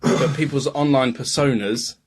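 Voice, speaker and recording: A man's voice: mid-range voice, normal speed, husky. Blunt, contrary man on a podcast. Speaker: podcast co-host. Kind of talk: casual chat.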